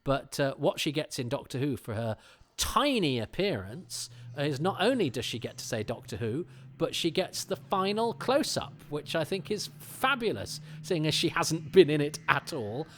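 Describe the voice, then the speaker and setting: A man's voice: a little high, sing-song, normal speed, a bit bright. Rambling middle-aged male podcast host. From England. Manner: rambling, self-interrupting, with frequent fillers and restarts. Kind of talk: casual chatty monologue.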